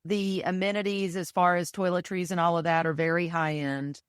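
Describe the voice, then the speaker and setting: A woman's voice: on the low side, level tone, moderate pace, smooth, no echo, clean studio sound. A woman from Texas chatting as a podcast guest, telling her stories enthusiastically with plenty of fillers. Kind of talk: casual interview chat.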